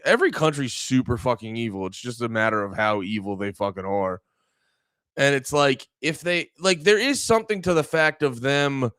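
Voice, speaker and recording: The host's voice is medium-pitched, fairly bright, clear and resonant, with no room sound. He rants casually and rambles through his podcast, dropping swear words and fillers constantly.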